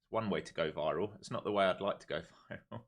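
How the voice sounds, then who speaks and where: A man streaming his day trading live, talking through charts calmly and then groaning and swearing at the market when it moves against him. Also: low-pitched, fast. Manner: swings from calm chart talk to exasperated outbursts at the market.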